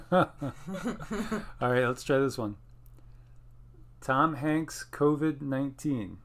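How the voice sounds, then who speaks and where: A man's voice: mid-range voice, slow pace, a bit bright, no echo. A man co-hosting a casual online show, chatting easily with viewers and laughing often. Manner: easygoing, laughs often, thinks aloud. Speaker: channel co-host.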